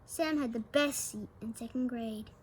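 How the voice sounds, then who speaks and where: A woman's voice: fairly high pitch, normal speed, slight background noise, rough recording. A woman reading a children's picture book aloud, with small slips, restarts and asides to the listener. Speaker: storybook reader.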